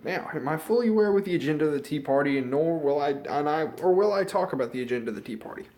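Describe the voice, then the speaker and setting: A man's voice: a little high, animated, fast talker, a little mellow. Rambling, profane young American man. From United States. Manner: rambling, profane, loses his track. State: out of breath, feeling sick. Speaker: vlogger. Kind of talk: casual opinion rant.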